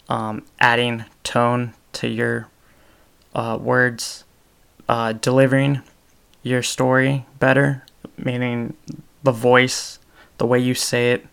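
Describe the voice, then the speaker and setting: A man's voice: mid-range voice, flat delivery, slow pace, vocal fry, long pauses, fairly bright tone, clear, resonant tone. A young man hosting his own podcast, talking casually about storytelling with many ums and restarts. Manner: rambling, frequent ums and restarts. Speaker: podcast host. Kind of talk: casual solo podcast talk.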